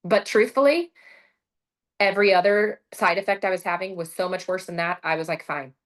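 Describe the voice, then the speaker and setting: Sharing her sales story as presenter, a middle-aged woman delivers a casual motivational talk over video call at a brisk pace. Her medium-pitched voice is lively, she performs her own lines, and "like" and "right?" come up often.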